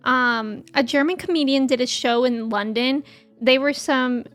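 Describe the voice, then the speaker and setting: Bright, high-voiced American woman streamer. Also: normal speed, faint music behind. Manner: chatty, rambling, laughs often. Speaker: game streamer. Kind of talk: casual chat with live viewers.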